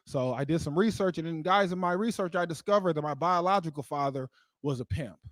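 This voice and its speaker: A man's voice: a little high, brisk, no echo. A man performing a live stand-up comedy set into a stage mic, rambling with lots of "like" and laughing at his own jokes. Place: live comedy show venue.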